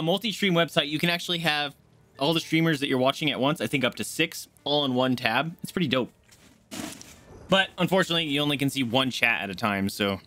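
A man live-streaming a game, chatting casually and excitably with his viewers from a home setup. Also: mid-range voice. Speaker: gaming streamer.

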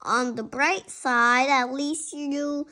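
Storybook tiger, blunt and teasing, high and unhurried, read by a child. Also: fairly even intonation, bright, forceful tone, full character voice.

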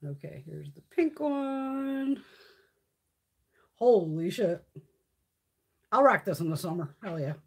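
A woman's voice: medium pitch, lively intonation, slow pace, long pauses, darkish tone, slightly rough. A woman hosting a casual live stream, telling stories bluntly with plenty of swearing and frequent laughter. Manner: blunt, heavily profane storyteller; laughs often while talking. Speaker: livestream host.

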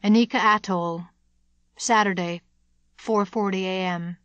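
A woman reading an abridged thriller audiobook in a measured, steady narration on a close studio mic. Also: medium pitch, no room sound, lo-fi sound.

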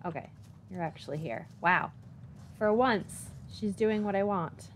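A young adult woman talking through a video game, chatty and self-deprecating, reacting out loud as she plays. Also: mid-range voice, unhurried. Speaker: gaming YouTuber. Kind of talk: casual let's-play commentary. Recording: faint background noise.

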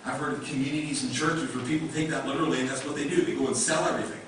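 A man's voice: mid-range voice, steady tone, racing, a bit bright, slight background noise. Man preaching in an echoey church. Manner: conversational preaching with rhetorical questions. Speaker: pastor. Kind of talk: sermon. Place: church sanctuary. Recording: echoey room mic from a distance.

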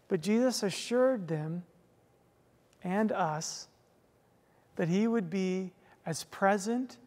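A male pastor preaching a sermon, telling a story earnestly with frequent restarts and quick "right?" asides. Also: sits high. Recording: long reverb of a large hall.

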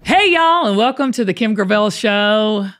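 A middle-aged woman, hosting a casual podcast chat as an animated storyteller who laughs often. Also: mid-range voice, moderate pace, music in the background. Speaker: host.

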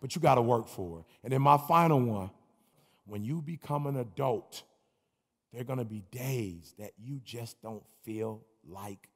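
A man giving an energetic motivational commencement speech in a call-and-response style, with playful sound effects. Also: mid-range voice, vocal fry, long reverb tail. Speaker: motivational speaker.

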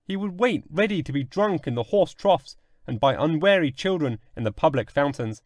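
A man narrating a classic short story in an expressive, dramatic audiobook reading. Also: a little high, normal speed, no room sound, clean studio sound.

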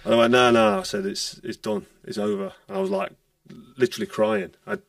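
A retired boxer, telling stories bluntly in a casual podcast chat and swearing freely. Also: male voice, high-pitched, sing-song, fast talker, creaky, no echo, studio quality, far from the mic. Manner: blunt, swears freely, acts out quoted dialogue.

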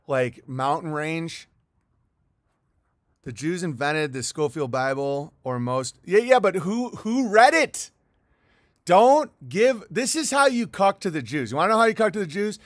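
Middle-aged male stream host, fairly high voice, dry close sound, heated profane rambling. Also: a bit bright, dry recording. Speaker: livestream host. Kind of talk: rambling livestream monologue reading viewer chats.

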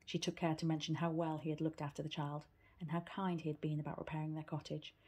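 A woman with a low, husky voice narrating a children's story aloud. Her reading is steady and even. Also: fast. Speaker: reader.

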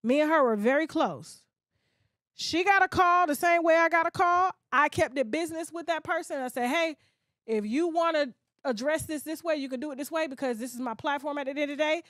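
A woman's voice: high voice, a little fast, fairly bright tone, no room sound, clean studio sound. A woman blogger delivering a blunt, profane rant, mockingly mimicking other people. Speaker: gossip blogger. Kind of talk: ranting monologue.

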